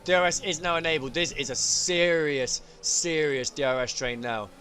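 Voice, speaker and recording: A man calls an online race in quick, lively bursts. His voice is bright and a touch high, and a faint hiss sits under the recording. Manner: excitable, rising sharply at incidents. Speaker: race commentator. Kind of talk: sim racing commentary.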